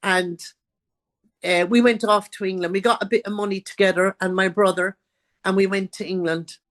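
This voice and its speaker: A woman's voice: mid-range voice, steady tone, normal speed. An Irish woman, a guest author, telling her own life story in an interview and acting out what others said. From Ireland.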